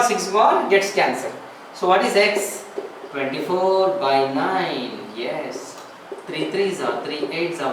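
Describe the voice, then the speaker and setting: A man with a fairly high, slightly bright voice teaches a classroom math lesson, walking through it step by step, repeating phrases and posing rhetorical questions. He's recorded far from the mic in an echoey room with faint noise.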